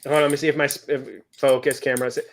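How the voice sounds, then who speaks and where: A man's voice: medium pitch, flat delivery, very fast, a little hiss or hum. A man co-hosting a casual live show over a video call, groaning and gasping through a hot-sauce challenge. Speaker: co-host. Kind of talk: casual chat.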